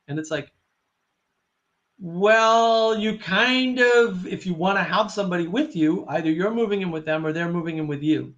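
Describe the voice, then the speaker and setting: A man hosting a casual discussion, animated and wry, acting out quoted exchanges. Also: high-pitched, moderate pace. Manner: wry, laughs at own points. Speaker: host.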